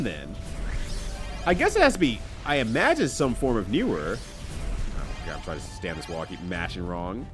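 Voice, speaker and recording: A man streaming live, chatting casually while he plays, rambling along and correcting himself as he goes. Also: lowish voice.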